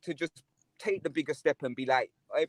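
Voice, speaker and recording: A man's voice: fairly high pitch, fairly quick, no echo. A middle-aged man with a London accent on a panel, reflective and telling his own stories. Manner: reflective, storytelling, says innit. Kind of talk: casual panel chat.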